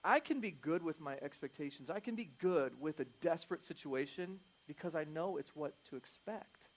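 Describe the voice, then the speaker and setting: A middle-aged male pastor giving a sermon in a conversational, joking way, swinging from loud emphasis to quiet asides. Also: on the high side, lively intonation, normal speed.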